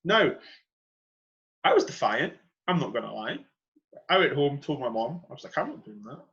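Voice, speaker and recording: A man's voice: mid-range voice, big pitch swings, normal speed, a bit bright, dull audio. A young man hosting a podcast who talks earnestly and with passion, stressing and repeating his key points. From Edinburgh, Scotland. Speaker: podcast host. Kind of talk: earnest conversational monologue.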